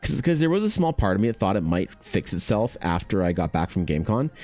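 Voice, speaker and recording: Deep-voiced man chatting animatedly. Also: big pitch swings, fairly quick, hardly any pauses, darkish tone, soft background music. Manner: chatty, swears freely, self-deprecating, reacts to chat. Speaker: artist streaming while drawing. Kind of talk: casual livestream chat.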